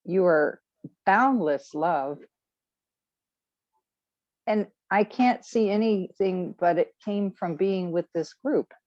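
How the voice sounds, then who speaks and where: A woman's voice: medium pitch, slow, pauses often, a little mellow, no echo, muffled recording. A woman giving earnest, affirming feedback to a peer on a group coaching call.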